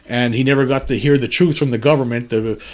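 A male podcast host who reads news stories aloud and then breaks off to comment on them. His commentary is earnest and somber, and his voice sits at an ordinary middle pitch. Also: steady tone, quick pace. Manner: earnest, somber commentary between read passages. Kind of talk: reading news articles aloud with personal commentary.

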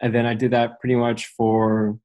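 A man's voice: mid-range voice, completely flat delivery, normal speed, darkish tone. A young man with a slight, mixed international English accent, chatting upbeat and easy as an interview guest. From born in Amsterdam, raised abroad. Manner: upbeat, chatty, laughs easily. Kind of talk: casual interview chat.

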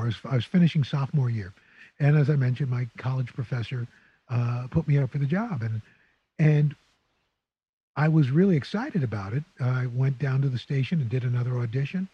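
An older man from New City, a guest telling lively anecdotes in an interview. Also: mid-range voice, husky, dry recording, muffled recording. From New York City. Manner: animated anecdotes with playful character voices. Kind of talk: storytelling interview.

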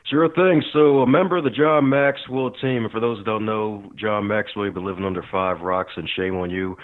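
A man telling a long personal story as a podcast guest and leadership coach, animated and quick to laugh. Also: fairly low pitch, no room sound. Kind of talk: casual storytelling interview. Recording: tinny phone-like line, dry.

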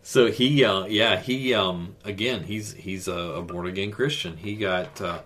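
A man's voice: low-pitched, a little slow, crowd noise. A man co-hosting a casual talk show, enthusiastic, laughing often and trailing off into fillers. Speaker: podcast co-host. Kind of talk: casual chat about wrestling.

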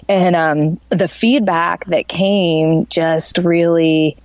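A woman with a lowish voice talks as an interview guest, rambling earnestly and filling her sentences with "like". The sound is dry and dull, as if from a lo-fi recording. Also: fairly even intonation, takes it slowly, hardly any pauses, darkish tone, dry recording. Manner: rambling and earnest, heavy use of "like". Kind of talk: casual interview chat.

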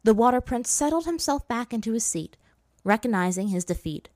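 A woman narrating a story aloud, lifting her pitch for the characters' lines. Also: lively intonation, a little fast, darkish tone, no room sound, studio quality. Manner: voices characters with raised pitch. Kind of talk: reading fan fiction aloud.

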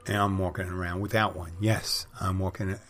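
A man's voice: deep voice, level tone, moderate pace, a bit bright, soft background music. A middle-aged man hosting a podcast, telling wry, crude, rambling stories in a casual monologue. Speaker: podcast host.

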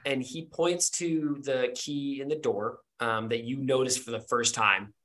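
A man's voice: mid-range voice, steady tone, a little slow, fairly bright tone. Brief: a man in a middle register, a loose and rambling tabletop game narrator. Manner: rambling, full of ums and likes. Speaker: game master.

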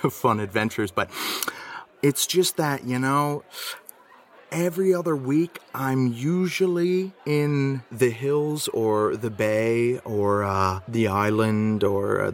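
A man leaving a rambling, comedic voice message for a podcast, flustered and jumping into a higher voice when he gets worked up. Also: a bit bright.

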